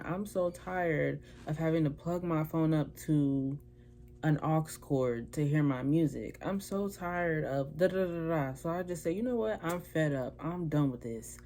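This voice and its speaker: Telling a personal story in a chatty, casual vlog, a young woman slips into altered voices to act out what others said. She has a low, warm voice, and there's a faint hiss or hum.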